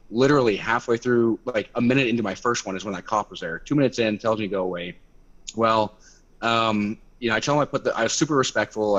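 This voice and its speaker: A young man telling a story in casual chat on a video call, animated and swearing, acting out quotes in a louder voice. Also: on the low side. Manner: animated, swearing, acts out quotes by raising his voice. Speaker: activist guest. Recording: dull lo-fi video call audio.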